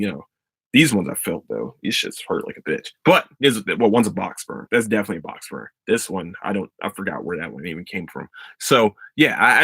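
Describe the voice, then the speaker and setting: A young man hosting a casual solo podcast, ranting about a TV finale in a profane, excitable, rambling way full of restarts. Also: fairly low pitch, breathy edge, dry recording. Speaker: podcast host.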